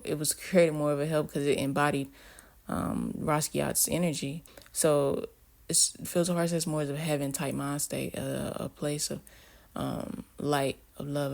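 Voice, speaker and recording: Casual male artist commentary, gravel in the voice, loose and reflective, talking about his own songs. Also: on the high side. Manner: rambling, reflective, many fillers and restarts. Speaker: artist discussing his album.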